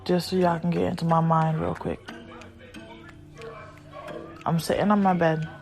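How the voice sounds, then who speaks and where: A woman's voice: lowish voice, flat delivery, a little slow, gravelly, a little mellow, lo-fi sound, soft background music. A woman hosting her own podcast from home, chatting casually and bluntly to viewers while looking after her kids and getting sidetracked. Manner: rambling, blunt, easily sidetracked. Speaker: podcast host and mother.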